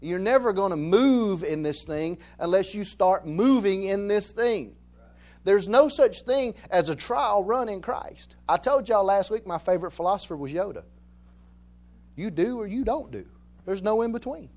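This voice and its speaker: Southern-accented male pastor, high voice, casual preaching style that hammers key lines through repetition. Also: lively intonation, moderate pace, a little mellow. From Alabama, US. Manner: folksy, joking, repeats phrases for emphasis. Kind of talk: conversational sermon.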